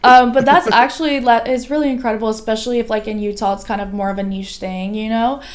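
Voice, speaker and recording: A woman's voice: a little high, fairly even intonation, quick pace. A woman co-hosting a podcast in a bubbly, chatty way, laughing often. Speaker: podcast co-host. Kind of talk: casual podcast chat.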